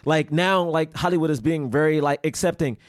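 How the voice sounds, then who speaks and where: A man co-hosting a casual movie review chat, animated, acting out lines from the film. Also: brisk, no room sound, clean studio sound. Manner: animated, acts out movie lines in high voices. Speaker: podcast co-host.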